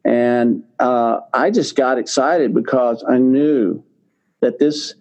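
An older man recounts his own story as an interview guest, circling back and repeating himself, with lots of fillers along the way. His voice sits at an ordinary middle pitch. The recording sounds a little dull and lo-fi. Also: fairly even intonation, slow pace, darkish tone. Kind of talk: personal storytelling.

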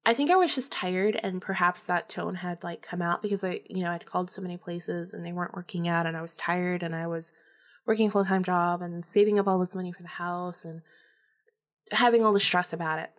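Young woman, podcast host, breathy and chatty, laughs and swears freely. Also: fairly low pitch, a little fast. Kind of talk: casual storytelling.

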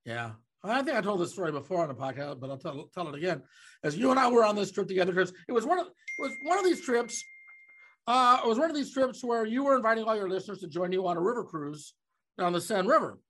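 A man's voice: high-pitched, lively intonation, quick pace, fairly bright tone, a little hiss or hum. A man from Omaha co-hosting a podcast, chatting casually with an old friend and teasing him in easy banter. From Omaha, Nebraska. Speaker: podcast co-host. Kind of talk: casual chat.

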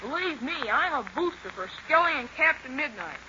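Performer voicing an eager boy fan, high bright voice, muffled old radio recording. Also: sing-song, brisk, slight background noise, full character voice. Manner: eager, enthusiastic. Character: eager young boy club member reading his letter. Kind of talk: radio ad letter reading.

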